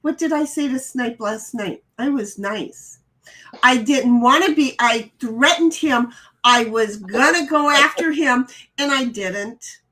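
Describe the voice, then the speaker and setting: Chatty higher-voiced woman streamer. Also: takes it slowly, bright, forceful tone. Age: middle-aged. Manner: chatty, reads chat messages aloud, frequent stammered restarts. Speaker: streamer host reading chat. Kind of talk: casual live-stream chat.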